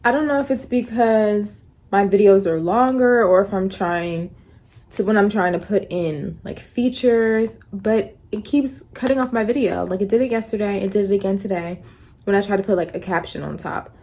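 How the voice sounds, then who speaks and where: A young woman vlogging casually to her phone camera, rambling through stories in a chatty, animated way. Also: medium pitch, normal speed. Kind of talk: casual vlog chat.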